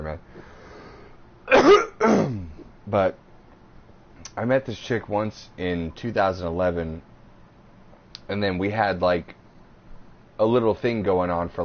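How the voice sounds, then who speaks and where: A man in his thirties co-hosting a podcast, telling a crude, rambling story in casual chat. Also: deep voice. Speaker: podcast co-host. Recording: slightly dull podcast audio with faint hiss.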